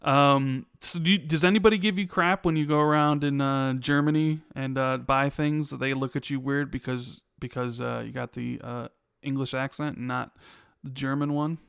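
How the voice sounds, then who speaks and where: Man, Chicago accent, podcast co-host, smooth voice, dry sound, rambling casual chat. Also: medium pitch, fairly even intonation, moderate pace, fairly bright tone, dry recording. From Chicago, USA. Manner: rambling, reads viewer questions aloud.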